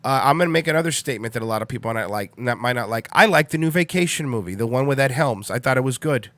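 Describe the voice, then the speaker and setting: A man in his thirties hosting a livestream rambles through casual solo chat, repeating lines and swearing freely. His middle-pitched, fairly bright voice is animated and very fast, on a close mic in a dry, dead room with no echo.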